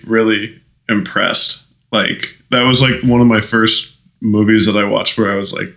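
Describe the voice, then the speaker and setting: Young male co-host, lower pitch, bright tone, rambling and casual. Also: gravelly, rough recording. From Washington State. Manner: rambling, lots of "like" fillers. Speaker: podcast co-host. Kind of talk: casual podcast chat.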